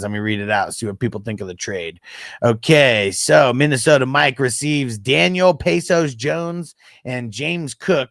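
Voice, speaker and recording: A man's voice: mid-range voice, dry recording, studio quality. A man in his thirties hosting a fantasy football live stream, chatting casually, laughing and swearing. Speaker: fantasy football livestream host.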